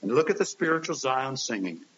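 A man's voice: mid-range voice, big pitch swings, a little fast, a bit bright. Preacher man on a hissy, dull recording. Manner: earnest, rising and falling delivery with rhetorical questions. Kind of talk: sermon.

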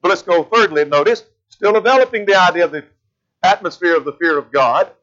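A man delivers a sermon in a steady, teaching manner, leaning on each verse as he goes. His voice sits high and sounds bright and forward. The recording is somewhat muffled and lo-fi. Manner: measured teaching, slowing to stress scripture verses. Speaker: preacher.

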